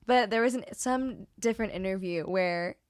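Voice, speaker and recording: A young woman in easy podcast chat, her pitch in a middle range. She talks eagerly and peppers her lines with "like". The recording is dry and close. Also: normal speed, clear, resonant tone, dry recording. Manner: enthusiastic, lots of "like" fillers. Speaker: podcast co-host. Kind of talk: casual chat.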